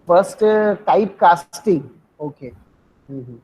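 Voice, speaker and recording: A man co-teaching an online class, speaking hesitantly with many "uh" pauses in a husky voice. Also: high voice, expressive, darkish tone, rough recording. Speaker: co-instructor.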